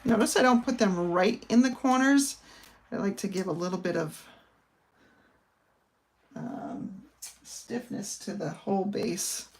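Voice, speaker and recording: A middle-aged woman from the northern United States, a papercraft instructor, walks through a card-making project step by step in a casual crafting demo. Her mid-range voice has a darkish tone, and she speaks unhurriedly with frequent pauses.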